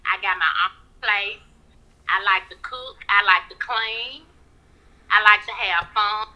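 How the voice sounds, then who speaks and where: Slow-talking woman in her forties on the phone. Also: medium pitch, bright, forceful tone. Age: 40s. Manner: slow, drawling talk. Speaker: caller seeking a date. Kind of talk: casual phone conversation. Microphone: phone call. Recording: thin telephone line.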